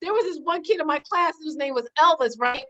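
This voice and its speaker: A woman hosts a relaxed interview in a high voice, laughing easily and nudging her guest along with questions. The audio is somewhat dull and muffled. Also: a little fast. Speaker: podcast host, former teacher. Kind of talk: casual interview chat.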